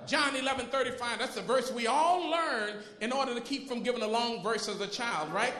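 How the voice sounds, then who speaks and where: A male pastor with a very high, sharp voice preaches, building to fervent shouts and firing rhetorical questions at his listeners. His words ring through an echoey hall with a long reverb tail. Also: fairly quick. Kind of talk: sermon.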